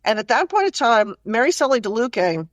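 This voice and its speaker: A woman's voice: fairly high pitch, fairly quick, no room sound. Chatty middle-aged woman telling stories. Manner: animated, chatty storyteller with many "you know" and "like" fillers. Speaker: guest. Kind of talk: casual storytelling interview.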